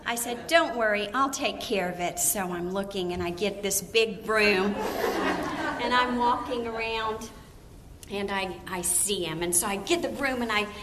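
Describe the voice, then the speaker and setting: A woman giving an animated storytelling talk to a women's gathering, laughing often and acting out the people in her story. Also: medium pitch, measured pace, background noise. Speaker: women's ministry speaker. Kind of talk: storytelling sermon to a live audience.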